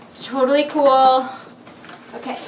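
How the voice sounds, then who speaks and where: A woman's voice: high voice, level tone, unhurried. A woman hosting an unboxing vlog, giddy and bubbly, exclaiming and singing to herself as she opens a new keyboard. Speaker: unboxing vlogger. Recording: echoey room with faint noise.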